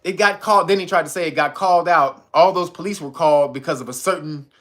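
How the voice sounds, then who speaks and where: A man's voice: on the high side, fast. A man telling a story in casual commentary, swearing freely and slipping into voices for the people he quotes. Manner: animated, swearing, retelling stories with acted quotes.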